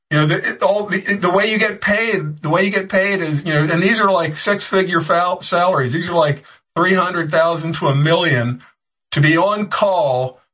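A man's voice: a little high, fairly bright tone, husky, rough recording. A man giving impassioned political commentary, rambling with frequent restarts and sarcastic jabs.

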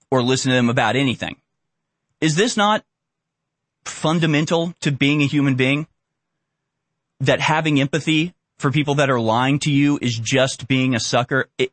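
A man's voice: mid-range voice, a bit bright, no room sound. A man hosting a commentary show, ranting bluntly and with exasperation. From Houston area. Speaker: commentary host.

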